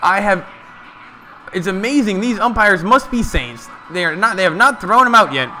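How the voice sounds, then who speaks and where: A man giving casual, excited live play-by-play of a ball game from a stream, chatting to his viewers. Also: high-pitched, normal speed, slight background noise.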